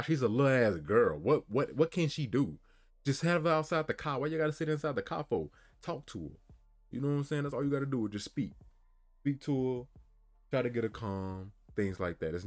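A man retelling a story in casual, heated commentary, repeating himself and often asking "you feel me". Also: medium pitch.

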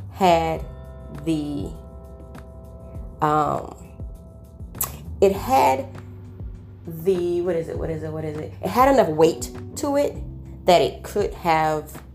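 A woman sharing a personal faith testimony, animated and preachy, full of amens and call-outs to her listeners. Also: on the low side.

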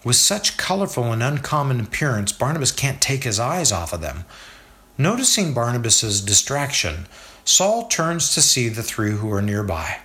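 Man narrating a story, lively voice. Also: mid-range voice, moderate pace.

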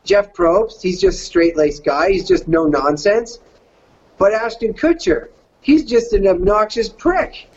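A man's voice: high voice, unhurried, highs cut off. A middle-aged man from Canada, a voice actor casually telling a story and slipping into surfer-dude voices.

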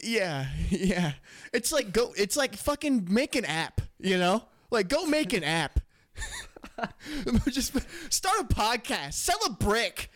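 A young male podcast co-host tells a rambling, profane story packed with laughter during casual chat. His voice is high and sing-song, slow, and a bit bright.

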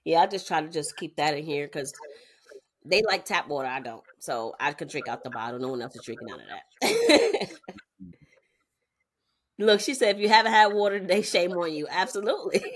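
A woman's voice: lowish voice, moderate pace. A woman in her thirties cohosting a podcast, telling family stories in casual chat with lots of laughter. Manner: animated storytelling, frequent laughter.

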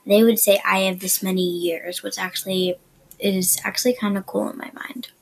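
Woman, podcast host, beginner Spanish lesson, husky breathy tone, chatty, explanatory, soft asides. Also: medium pitch, level tone, moderate pace, poor audio. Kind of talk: casual beginner language lesson.

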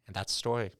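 A man's voice: dry recording, clean studio sound. Rambling young man telling absurd stories. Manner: rambling, absurd deadpan storytelling. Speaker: podcast co-host. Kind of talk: casual chat.

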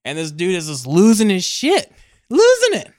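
A young man co-hosting a podcast, telling a story in a casual chat, animated and swearing freely as he acts out quotes. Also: high-pitched, normal speed, dry recording, clean studio sound. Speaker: podcast co-host.

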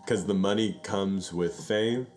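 A man's voice: sits low, measured pace. A man co-hosting a podcast, rambling and swearing casually as he talks. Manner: rambling, profane, animated retelling. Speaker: podcast co-host. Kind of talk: casual chat.

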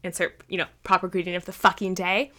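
A woman with a bright, forward voice chatting on a podcast. She tells stories loosely, swears often and acts out what people said. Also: fairly low pitch, flat delivery, quick pace. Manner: swears freely, acts out quotes in storytelling. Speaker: podcast co-host. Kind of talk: casual chat.

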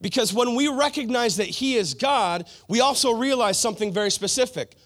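A man delivers a sermon with a bright, high-pitched voice that rises and falls widely. He shifts easily between chatty asides to the congregation and emphatic declarations. His playful impressions keep the preaching animated. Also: a little fast. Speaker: pastor.

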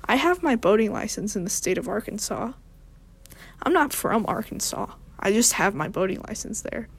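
A young woman hosting a show, talking in a rambling, casual monologue with strong vocal fry and deadpan, self-mocking humor. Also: mid-range voice, moderate pace. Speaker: podcast host.

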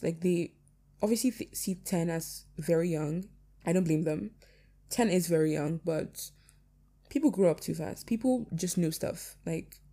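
A woman's voice: on the low side, creaky, dark tone. A young woman talking candidly about personal loss to her audience, reflective, with many fillers, her voice cracking near tears. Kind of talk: casual personal talk to camera.

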